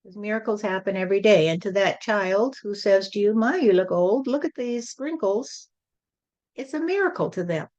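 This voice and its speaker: A woman's voice: medium pitch, normal speed, a little mellow, dull audio. A woman channeling a spirit who gives a preachy spiritual lesson to a group and often repeats "you see".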